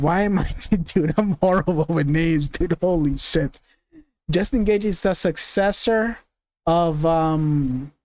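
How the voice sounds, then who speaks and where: A man's voice: a little high, a little mellow, no room sound, studio quality. A young man streaming casual commentary, rambling, cursing, laughing often and groping for names.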